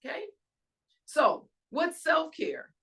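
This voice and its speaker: A woman hosting her own show, giving an animated faith-based talk on soul care and self-care. She calls her listeners y'all and checks in with them, asking "all right?". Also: high voice, takes it slowly. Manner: emphatic, preacher-like cadence. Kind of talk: casual inspirational talk.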